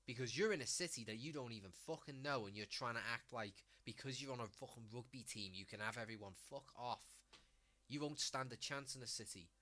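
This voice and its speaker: Sweary Scouse man with a bright voice. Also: mid-range voice, fairly quick. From Liverpool, England. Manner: blunt, sweary, mocking. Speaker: streamer. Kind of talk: casual ranting commentary.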